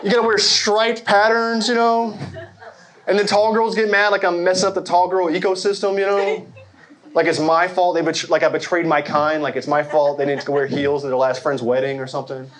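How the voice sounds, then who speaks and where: A man's voice: high voice, moderate pace. A man in his forties doing a stand-up set before a live audience in a large hall, wry, and talking to the crowd. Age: 40s. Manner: lively, wry, talks to the crowd. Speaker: stand-up comedian.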